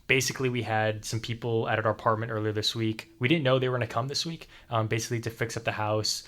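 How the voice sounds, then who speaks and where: A young man hosting a casual studio chat, relaxed and conversational. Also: medium pitch, quick pace. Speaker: host.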